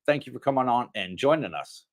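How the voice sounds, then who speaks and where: A chatty man hosting a casual livestream, his pitch sitting in an ordinary middle range. He greets viewers warmly by name and tells stories in a relaxed, conversational way. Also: brisk. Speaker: livestream host. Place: home in Thailand.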